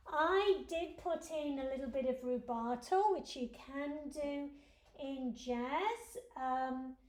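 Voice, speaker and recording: A woman's voice: high voice, slow pace, a little mellow. A woman piano teacher giving a lesson, patiently explaining each step to her students. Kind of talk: instructional lesson. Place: room with a piano. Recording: roomy echo with faint piano.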